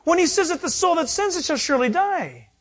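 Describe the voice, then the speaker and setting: A man's voice: very high voice, very animated, a little fast. A middle-aged male pastor preaching a sermon, acting out quotes and laughing as he goes.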